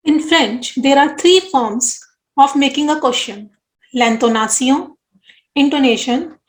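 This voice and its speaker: A woman teaching a French lesson in English, explaining slowly and carefully, with French example sentences. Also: high-pitched, roomy sound, poor audio. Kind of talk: scripted language lesson.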